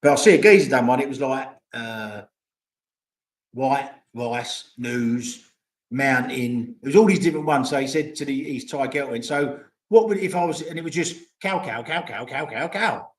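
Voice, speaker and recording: An older man vlogs on a livestream, chatting casually, rambling to viewers, and swearing freely. His voice is medium-pitched at a normal speed, with a roomy echo in the recording.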